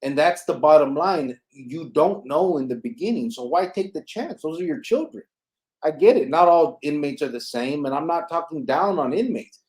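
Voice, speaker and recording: A man's voice: fairly high pitch, expressive, moderate pace, darkish tone. A man hosting a podcast, making his point with emphatic rhetorical questions. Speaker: podcast host. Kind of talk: casual chat.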